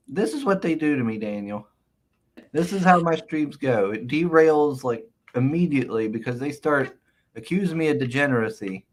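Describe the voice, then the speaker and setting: A man's voice: mid-range voice, expressive, moderate pace. A man hosting a casual livestream, reading out the chat and laughing along. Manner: laughing, talks back to chat. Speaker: livestream host.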